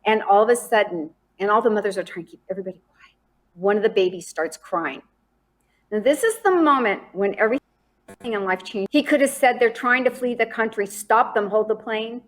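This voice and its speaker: A woman guest on a podcast, telling a story in an animated, dramatic way. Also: medium pitch, brisk.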